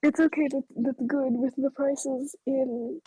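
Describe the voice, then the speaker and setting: A woman's voice: high-pitched, fairly even intonation, unhurried, dark tone, no room sound. A young woman co-hosting a casual podcast chat, teasing and playful. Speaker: podcast co-host. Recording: dull lo-fi mic.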